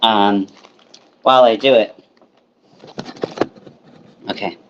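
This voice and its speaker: A low-voiced man chatting on a casual home livestream, looping through "like"s and half-finished thoughts. The audio is dull and lo-fi, with faint room noise behind him. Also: steady tone, takes it slowly. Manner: rambling, filler-heavy, self-interrupting. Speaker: livestream host. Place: small home kitchen.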